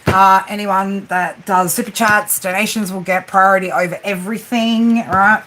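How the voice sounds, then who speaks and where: Speaking at a normal pace in a mid-range voice, this Australian woman in her forties does tarot readings on a livestream and keeps the chat light, cracking jokes and tacking "right?" onto what she says. Rain drums steadily on the flat roof above her, adding background noise.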